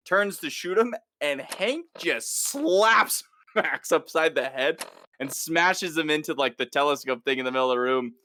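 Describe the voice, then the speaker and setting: Animated bright-voiced man recapping a show. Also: medium pitch, slight background noise. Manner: animated retelling, acts out the characters' lines. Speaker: podcast co-host. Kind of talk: casual recap chat.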